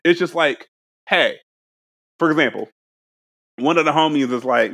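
Man in his thirties, podcast co-host; slightly high voice, rambling delivery full of restarts, profane. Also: normal speed, gravelly, fairly bright tone. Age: 30s. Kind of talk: casual podcast chat.

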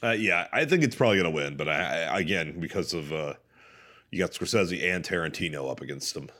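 A man's voice: sits low, expressive, fairly quick, sharp tone. A man co-hosting a casual podcast, talking loosely with fillers and casual swearing. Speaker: podcast co-host. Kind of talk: casual chat.

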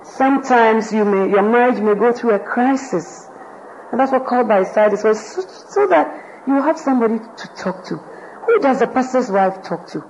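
Woman teaching a pastors' wives group, lively, keeps saying "you know", kinda muffled with a bit of hiss. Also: on the high side, normal speed. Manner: lively, acts out quoted voices, often says "you know". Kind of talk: informal teaching talk to a women's group.

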